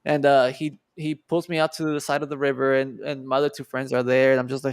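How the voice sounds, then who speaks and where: A man's voice: medium pitch, little pitch movement, fast talker, hardly any pauses, smooth, no echo, studio quality. A man in his twenties from Texas, telling a personal story in a loose, casual way, full of fillers and swearing. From Texas, USA. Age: 20s. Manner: loose and profane, many fillers. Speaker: guest artist.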